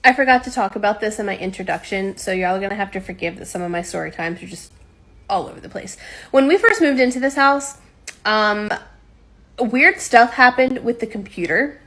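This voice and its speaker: A woman telling a rambling, animated story. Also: medium pitch, brisk. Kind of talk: casual story time.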